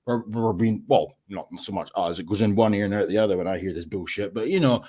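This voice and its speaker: Fast-talking animated man. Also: on the low side. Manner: rapid, animated, swearing freely. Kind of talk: casual chat.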